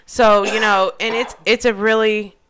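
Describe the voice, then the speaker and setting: A woman's voice: mid-range voice, flat delivery, measured pace, a bit bright, a little hiss or hum. A woman co-hosting a casual chat, retelling a story and quoting people. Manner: chatty storyteller, quotes others. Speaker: podcast co-host.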